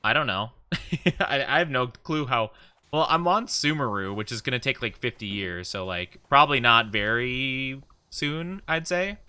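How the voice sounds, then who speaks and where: Brief: bubbly live-stream host, lively swooping bright voice, dry close mic. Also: mid-range voice, moderate pace, smooth, no room sound. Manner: bubbly, greets viewers warmly by name. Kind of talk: casual live-stream chat.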